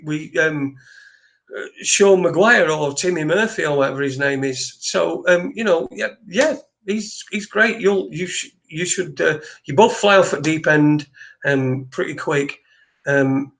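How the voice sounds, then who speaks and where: A man's voice: fairly high pitch, fairly bright tone. A man hosting a live internet show, chatting in a rambling way with frequent restarts and casual swearing. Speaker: host. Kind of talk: casual live-stream chat.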